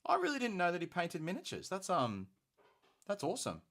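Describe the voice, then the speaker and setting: A man's voice: high voice, huge pitch swings, fairly quick, gravelly, fairly bright tone. A man hosting a casual painting stream, joking easily with his co-host and chat. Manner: laid-back, jokey banter.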